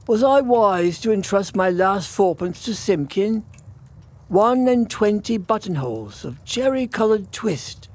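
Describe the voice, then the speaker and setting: A man's voice: high-pitched, expressive, measured pace, voice pushed up. A man voicing a poor, weary old tailor who frets and laments in a mumbling way, in a storybook reading. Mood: lamenting. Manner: fretful, lamenting mutter.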